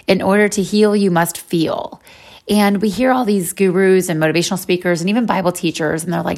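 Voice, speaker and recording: A woman's voice: fairly low pitch, steady tone, brisk, darkish tone. A woman in her forties giving a faith-based personal talk in a conversational way, with many "you know" fillers. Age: 40s.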